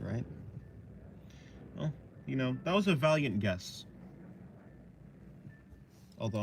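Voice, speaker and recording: A young man streaming his drawing, chatting casually with his viewers in a rambling, hesitant way full of fillers and soft laughs. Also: on the low side, slight background noise. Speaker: art streamer. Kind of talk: casual chat answering a live chat.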